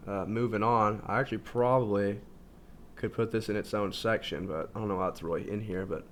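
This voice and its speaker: A man's voice: lowish voice, fairly even intonation, fairly quick, slight background noise. A man talking casually in a rambling self-help monologue, full of fillers and restarts. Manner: informal, says "like" constantly. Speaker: video host.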